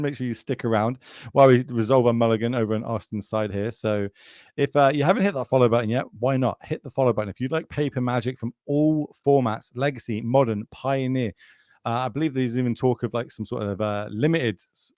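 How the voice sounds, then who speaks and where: A man's voice: medium pitch, darkish tone, no room sound, studio quality. A British man commentating live on a card game tournament, chatty and joking, plugging the channel between plays. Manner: chatty, jokey, plugs the channel.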